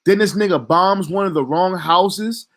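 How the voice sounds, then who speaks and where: Male vlogger, slightly high voice, indignant profane rant. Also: measured pace. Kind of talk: heated commentary rant.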